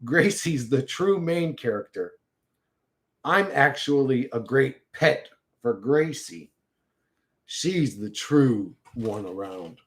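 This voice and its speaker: A man streaming live and talking straight to his viewers, loose and profane. His pitch swings widely as he gets worked up and laughs between sentences. He sounds like an ordinary casual talker who lets himself get loud and emotional. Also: lively intonation, slow. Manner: laughs often mid-sentence. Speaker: livestreamer. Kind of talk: casual livestream rant.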